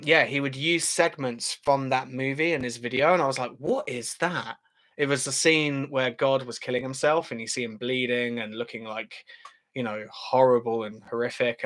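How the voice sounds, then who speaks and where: A man's voice: mid-range voice, a bit bright. A British man hosting a casual livestream, chatting as he reads out viewer comments, with frequent fillers and laughs. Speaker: channel host.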